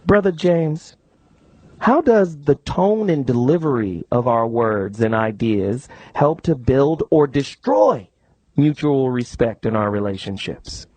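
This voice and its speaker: A middle-aged man hosting a call-in radio talk show, emphatic and lively as he takes callers and repeats the number. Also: medium pitch, slow, no room sound.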